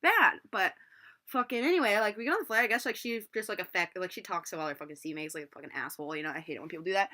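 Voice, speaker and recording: A woman's voice: medium pitch, lively intonation, rapid-fire, bright, forceful tone. A young woman in her twenties telling a rambling storytime, full of swearing and filler words, recorded on a laptop microphone. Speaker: vlogger. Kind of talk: storytime vlog. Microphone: laptop built-in mic.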